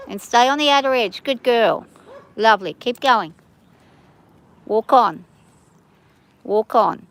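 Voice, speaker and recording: A woman's voice: a little high, slow pace, long pauses. A middle-aged Australian woman chatting casually outdoors while calling short commands to her horse. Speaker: horse owner lunging her horse. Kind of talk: casual vlog with calls to a horse. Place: outdoor riding area.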